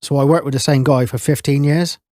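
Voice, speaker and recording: A man's voice: medium pitch, fairly even intonation, brisk, a little mellow, no echo, clean studio sound. A man in his thirties, a chef guest on a podcast, telling anecdotes in casual chat, laughing often and swearing freely. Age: 30s.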